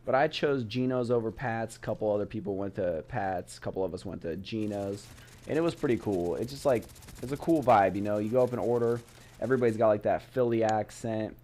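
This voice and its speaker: Away on a work trip, this young West Coast man from Portland, Oregon, vlogs in a brisk, warm voice on the low side. His casual travel chat rambles along, packed with "like" and "you know."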